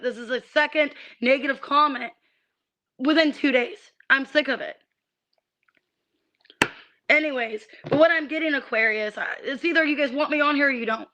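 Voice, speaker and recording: A woman gives a livestreamed tarot reading in a high, sharp voice. She rants with irritation, swearing and tripping over her restarts. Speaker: tarot reader.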